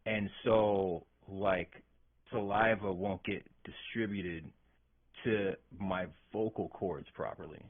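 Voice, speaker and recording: Man, podcast guest, husky rambling storyteller, tinny sound. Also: sits low, fairly even intonation, slow pace. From Arkansas. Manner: profane, rambling, lots of restarts and fillers. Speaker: podcast guest, metal vocalist. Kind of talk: casual storytelling chat. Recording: tinny phone-like podcast audio.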